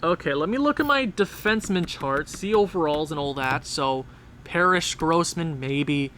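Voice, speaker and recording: Dude hyped up narrating his game, kinda high voice, yelling at the teams on screen. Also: normal speed, slight background noise. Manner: excitable, talks to the game and players. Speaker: gaming channel host. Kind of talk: casual gameplay commentary.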